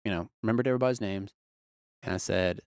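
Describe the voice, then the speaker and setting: A talkative man with a fairly low voice and a candid, easygoing way of speaking. He tells lively stories about his work as a production manager and drops in the odd swear word. The sound is dry and close, with no room echo. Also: fast talker. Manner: chatty, candid, animated storyteller with casual swearing. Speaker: production manager at a music venue. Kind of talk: casual interview conversation.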